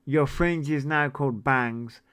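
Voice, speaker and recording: A man's voice: medium pitch, measured pace, fairly bright tone, clean tone. A man in his forties hosting a casual livestream, reading viewer comments and ranting in a sweary, incredulous, rambling way. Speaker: livestream host.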